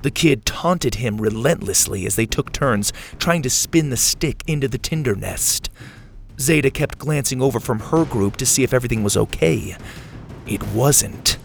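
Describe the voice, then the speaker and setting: A man narrating a storybook with a dramatic, expressive reading. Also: mid-range voice, moderate pace, creaky, a little hiss or hum.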